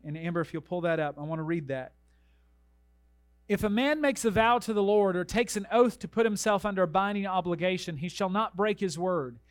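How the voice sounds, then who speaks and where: A male pastor preaching a sermon, reading long name lists with asides and telling a joke story with lively delivery. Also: high-pitched, a little fast, clean tone, dry recording, clean studio sound.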